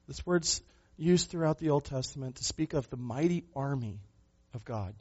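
A man preaches a sermon in a husky voice of middle pitch. He asks rhetorical questions and presses his points hard, then drops quieter. The recording sounds muffled and dull. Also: expressive, normal speed, hardly any pauses. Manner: emphatic, rhetorical questions, shifting between loud and soft. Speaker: pastor.

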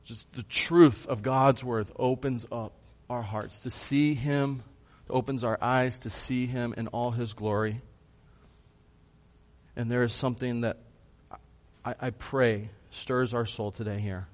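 A man preaching a sermon, who swings from hushed lines to loud bursts and puts questions to his congregation. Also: mid-range voice, steady tone, slow pace. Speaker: pastor.

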